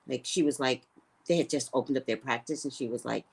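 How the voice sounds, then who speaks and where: A woman who works as a psychic, telling a story in a casual, profane way and swinging between loud and hushed. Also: a bass voice, brisk, creaky, husky.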